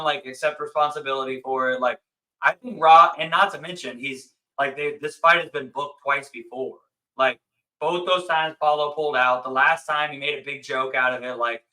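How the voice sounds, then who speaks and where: A man co-hosts a live fight-picks show in a loose, excited way, leaning on filler words. His voice is bright and forceful and sits a touch high. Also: low-quality recording. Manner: excited, talks fast with many "like"s. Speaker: co-host. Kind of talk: casual podcast chat.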